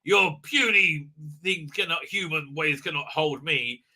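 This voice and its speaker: A man's voice: a little high, unhurried, sharp tone, voice pushed down, exaggerated voice. A man doing a drawling sea monster. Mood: gloating. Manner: drawling and mocking. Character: smug scaly sea monster, male, slow and gloating.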